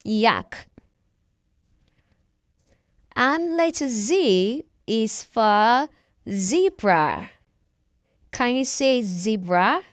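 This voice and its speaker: A woman's voice: on the high side, expressive, extremely slow, long pauses, no echo. A woman narrating an alphabet lesson for toddlers, prompting them to repeat each animal word. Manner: prompting listeners to repeat words. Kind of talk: slow scripted narration for toddlers.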